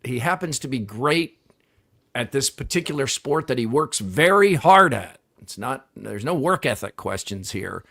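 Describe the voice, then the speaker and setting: A man's voice: medium pitch, lively intonation, a little slow, creaky, fairly bright tone. A man co-hosting a casual sports talk show, conversational and amused. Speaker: radio co-host.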